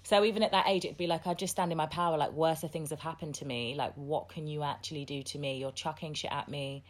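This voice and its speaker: A woman's voice: low-pitched, steady tone, fast talker. A woman hosting a podcast, talking casually, blunt and outspoken and swearing freely. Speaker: podcast host. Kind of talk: casual conversation.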